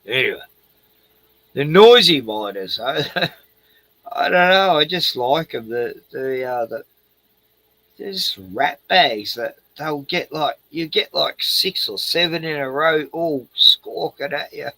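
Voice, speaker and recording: A man's voice: a little high, expressive, takes it slowly, pushed and bright, no echo, poor audio. A man in a rambling casual chat, swearing freely, laughing and trailing off mid-sentence. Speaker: host reacting to a video.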